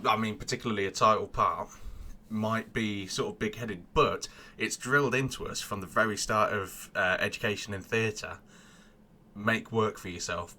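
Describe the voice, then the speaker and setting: A man's voice: fairly low pitch, moderate pace, sharp tone. A man hosting a podcast, asking casual questions and teasing his guest playfully. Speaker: podcast host.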